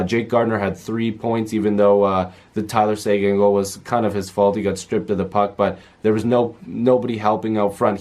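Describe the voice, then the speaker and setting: A man's voice: fairly low pitch, a little mellow. A man recapping a hockey game in a chatty, rambling way with many fillers. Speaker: hockey fan video host.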